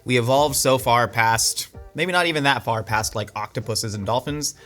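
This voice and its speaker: A man hosts a casual interview, joking playfully and then rambling into long musings. His voice sits at a medium pitch. Light music plays underneath. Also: moderate pace, fairly bright tone. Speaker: host.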